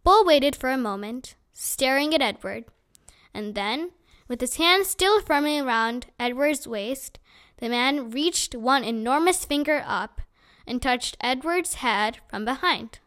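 A woman reading a children's chapter book aloud in a clear, expressive storytelling manner. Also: high-pitched, takes it slowly.

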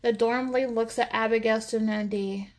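Woman narrating a story, steady. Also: on the high side, moderate pace.

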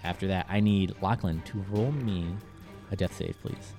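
Brief: male game master, lowish voice, patient rules explainer, light music underneath. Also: normal speed, dark tone. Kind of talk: narrating a tabletop game.

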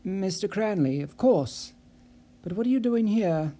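A man's voice: sits high, animated, a little slow, warm tone. A man voicing a nervous, fretful office worker in an audiobook, pleading and apologetic in manner. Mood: anxious. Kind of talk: audiobook character voice.

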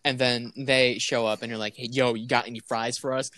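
A man's voice: mid-range voice, flat delivery, brisk, bright, forceful tone. A young man, a podcast co-host, rambling through a funny story in casual chat, quoting his friends and often breaking into laughter. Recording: noisy home recording.

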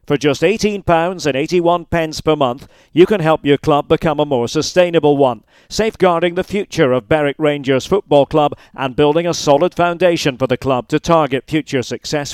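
A man reads a scripted promotional spot in a polished announcer's delivery. His voice is smooth and resonant and sits a little high, and it is recorded close and dry. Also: dry recording. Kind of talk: scripted ad read.

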